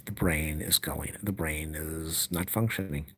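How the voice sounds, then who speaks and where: Man, angry rant, raspy husky tone, sharp edge, repeats himself. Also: very deep voice, a little slow. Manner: heated, repeating himself, recounting an argument.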